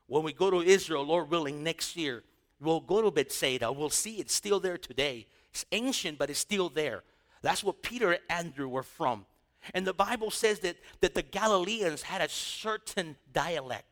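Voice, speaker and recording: A man's voice: fairly high pitch, a bit bright. A man preaching a sermon in a conversational style, asking the congregation rhetorical questions. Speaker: pastor.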